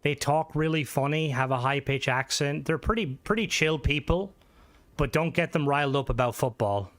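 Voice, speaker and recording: This man is a gaming streamer on a live broadcast. His voice sits a touch high, and he rambles as he reads and answers chat. He swears freely and flares into excited outbursts mid-game. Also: normal speed, no echo. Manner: excitable outbursts during gameplay. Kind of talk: casual gaming livestream chat.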